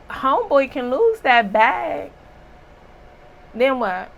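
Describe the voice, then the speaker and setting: A slightly hoarse woman giving a casual spiritual reading, emphatic and preachy, with rhetorical asides. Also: fairly high pitch, animated, slow, sharp tone, dull audio, a little hiss or hum. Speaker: spiritual reader.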